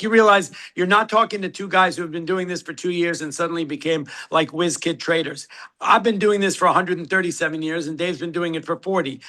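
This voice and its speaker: A man co-hosting a live online trading class who pitches the course in a brash, joking, salesy way over a video call. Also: pushed and bright.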